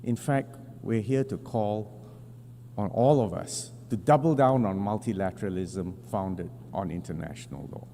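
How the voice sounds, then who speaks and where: A man giving a formal prepared speech to a large assembly, in measured, deliberate phrasing with emphatic stresses, at a podium microphone. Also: fairly low pitch, creaky, mellow. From Singapore. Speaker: national representative addressing the General Assembly. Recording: long hall reverb with faint hum.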